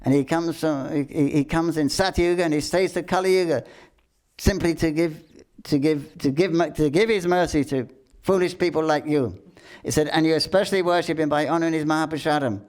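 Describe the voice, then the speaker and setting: A man's voice: on the high side, fairly quick, a little mellow, voice pushed up, natural voice. An older man voicing an angry male deity who mockingly scolds a sinner, repeating his words for emphasis. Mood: furious, mocking.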